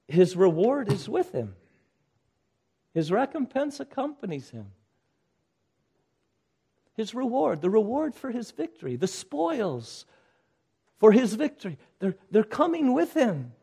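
Pastor, male, high-pitched voice; preaching style, urgent, shifts between loud calls and quiet lines. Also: big pitch swings, slow, pauses often, slightly rough. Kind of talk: sermon.

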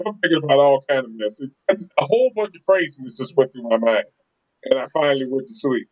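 A man's voice: medium pitch, fast. Guy telling a story on a podcast, laughs a lot, mid voice, kinda dull lo-fi sound. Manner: animated, laughs often, acts out quotes. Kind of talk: casual storytelling chat.

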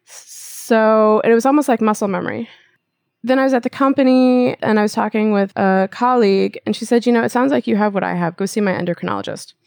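A woman's voice: a little high, animated, a little fast, gravelly, a little mellow, dry recording. A woman guest telling a personal story and explaining with analogies in a casual interview. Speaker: acupuncturist guest.

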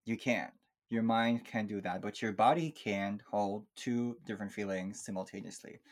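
A man speaking English as a second language, talking reflectively and softly with many fillers in a casual chat. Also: lowish voice, moderate pace. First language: not English. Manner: reflective, soft-spoken, with frequent fillers. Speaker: podcast guest. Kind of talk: casual chat about emotional healing.

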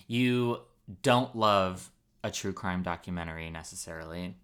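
A male podcast host with a lowish, bright voice. He chats casually and teases his guest, and he laughs often. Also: measured pace, smooth. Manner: laughs often, playful teasing. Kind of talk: casual chat.

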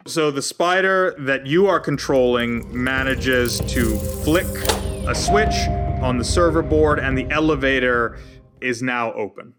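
A man's voice: medium pitch, unhurried, over music. A man narrating a tabletop role-playing game as game master, in an easygoing, descriptive way.

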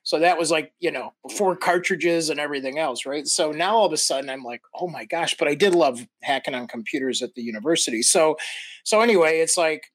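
An older man from the American Midwest tells stories as a podcast guest, laughing and acting out what people said. His voice sits a little high for a man. The sound is dry and close, with no room around it. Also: quick pace, dry recording. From Midwestern United States. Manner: animated, laughs through stories, acts out quotes. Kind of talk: casual storytelling.

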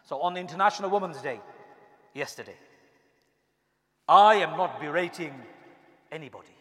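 A man delivering an impassioned sermon as an imam, swinging from quiet asides to shouted rhetorical questions. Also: on the high side, normal speed. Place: mosque hall. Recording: long reverb in a large hall.

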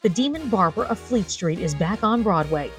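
A woman's voice: medium pitch, expressive, moderate pace, soft background music. A woman host giving a polished, upbeat scripted introduction. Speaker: show host.

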